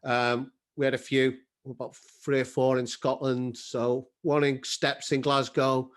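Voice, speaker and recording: A man's voice: flat delivery, measured pace. Northern english man with a scouse twang. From North Wales. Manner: chatty, asks questions with rising pitch. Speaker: podcast host. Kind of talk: casual podcast interview.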